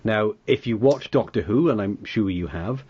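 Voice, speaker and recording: A man's voice: lowish voice, expressive, moderate pace, a little mellow, husky. A man hosting a casual podcast chat, rambling with frequent stammered restarts. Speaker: podcast host. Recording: dull lo-fi audio.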